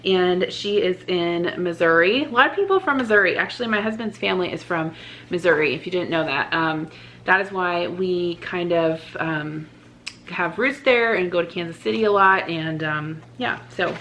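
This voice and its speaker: A woman's voice: lowish voice, a bit bright, a little hiss or hum. A woman in her thirties, a vlogger reading out viewer cards in a chatty, giggly way that rambles and restarts.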